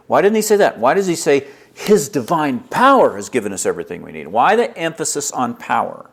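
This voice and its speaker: A man preaching a sermon, lively and storytelling, acting out little dialogues as he explains a passage. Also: mid-range voice, brisk, gravelly, hardly any pauses, breathy edge. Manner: lively preaching, acts out dialogue with God in his stories. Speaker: pastor.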